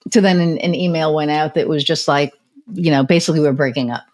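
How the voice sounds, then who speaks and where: Woman, podcast host, lowish voice, casual storytelling, acts out quotes, many fillers. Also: fairly even intonation, quick pace, darkish tone. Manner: frequent fillers like "you know".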